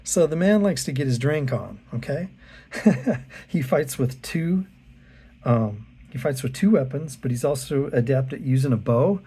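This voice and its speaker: A man hosts a casual walkthrough of an art book and talks straight to his viewers. His voice is mellow and dark, with a husky edge. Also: mid-range voice, animated, measured pace. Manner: chatty, addresses viewers directly. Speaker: art channel host.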